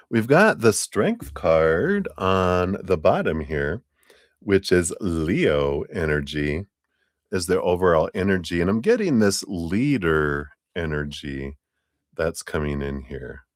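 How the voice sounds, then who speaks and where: A man with a very deep voice takes his time, talking slowly through a live tarot reading. He is chatty and easygoing, chuckling often and clearing his throat. The sound is dry and close. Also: big pitch swings, no echo. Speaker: tarot reader.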